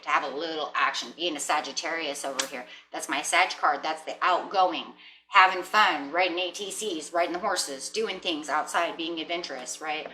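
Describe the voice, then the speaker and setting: A woman giving a casual tarot reading, chatty, often clearing her throat and checking in with "right?" and "you know?". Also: deep voice, normal speed, pushed and bright, a little hiss or hum. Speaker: tarot reader. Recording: roomy echo.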